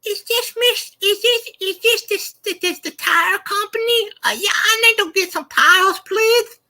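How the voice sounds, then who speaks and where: A man's voice: very high voice, pushed and bright, voice pushed up, exaggerated voice. A man putting on the voice of a dim-witted customer phoning a tire shop, stammering as he asks. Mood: bumbling. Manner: stammering, halting.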